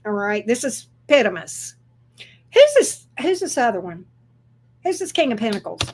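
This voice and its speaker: A woman giving a casual tarot reading who talks in a chatty, excitable way and swears freely. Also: medium pitch, normal speed, slight background noise. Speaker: tarot reader.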